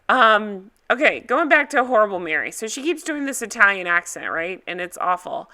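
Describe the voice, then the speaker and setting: A woman's voice: medium pitch, big pitch swings, normal speed, bright, forceful tone. A woman hosting a reaction video, giving a casual, blunt and opinionated recap.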